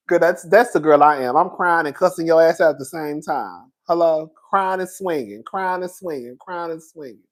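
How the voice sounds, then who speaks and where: A man hosting a casual live chat with his viewers, animated and profane, laughing often and calling them girl and honey. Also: fairly high pitch, moderate pace, few pauses. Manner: calls listeners girl and honey. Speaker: YouTube commentator.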